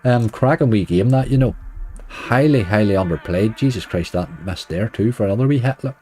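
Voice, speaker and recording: With a Northern Irish accent, a slots streamer keeps up chatty running commentary, grumbling at the game and talking with viewers. His lowish voice is warm, expressive, and brisk.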